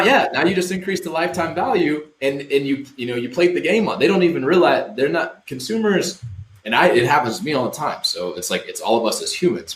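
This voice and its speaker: A man's voice: mid-range voice, reverberant, a little hiss or hum, low-quality recording. A man talking casually as a podcast guest, explaining marketing with energy and acting out what customers say. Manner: energetic, acts out customer quotes.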